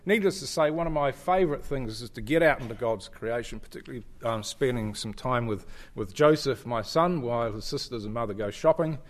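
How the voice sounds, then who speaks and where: A man's voice: medium pitch, a little fast, few pauses. A middle-aged man with a New Zealand accent, a visiting church speaker giving a chatty, joking slide presentation to a congregation. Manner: chatty and joking, with frequent fillers and restarts.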